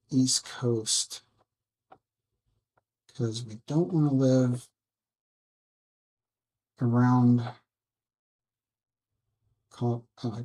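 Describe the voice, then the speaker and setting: Slow, husky-voiced man at his workbench. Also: medium pitch. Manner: soft, rambling self-talk with musing asides. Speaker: drone hobby channel host. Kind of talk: casual build vlog, talking to viewers while working.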